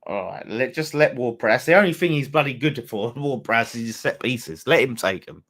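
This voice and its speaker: Excitable man reacting to football. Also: mid-range voice, moderate pace. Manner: excitable, swearing, banter with viewers. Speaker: fan channel host. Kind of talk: live match watchalong commentary.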